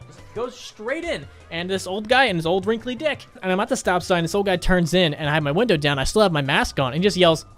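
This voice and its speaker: A man's voice: high-pitched, fairly bright tone. A man ranting in profane, rambling gameplay commentary as a gaming YouTuber.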